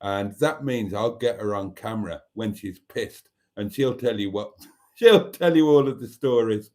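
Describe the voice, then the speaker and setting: A man's voice: lowish voice, measured pace, darkish tone. Chatty British man hosting a live chat. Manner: chatty, rambling, reads viewer comments aloud. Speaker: live stream host. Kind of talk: casual live chat reading comments.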